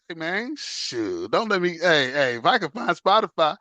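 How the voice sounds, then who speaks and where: A man's voice: on the high side, big pitch swings, normal speed, few pauses, bright, forceful tone, dry recording, lo-fi sound. A man hosting his own show, chatting loosely in slang, laughing often and chanting along with songs. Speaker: host. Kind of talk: casual solo chat.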